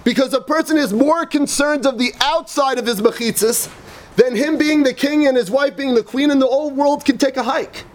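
High-voiced rabbi lecturing emphatically. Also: male voice. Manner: emphatic, repeats phrases, tells personal anecdotes; mixes Hebrew and Yiddish terms into English. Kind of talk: lecture to yeshiva students.

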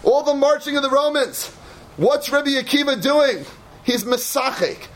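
A man giving an animated Torah sermon, building to shouts and peppering his talk with Hebrew and Yiddish terms. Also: very high-pitched, measured pace.

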